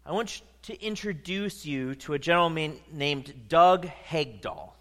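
A man preaching a sermon, telling a story in an animated, conversational way. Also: fairly high pitch, a little slow. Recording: long reverb of a large hall.

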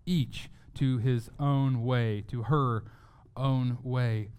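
A man's voice: medium pitch, steady tone, drawn-out words, darkish tone, clean tone. Earnest man preaching a sermon. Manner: earnest, repeats words when stressing a point. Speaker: pastor.

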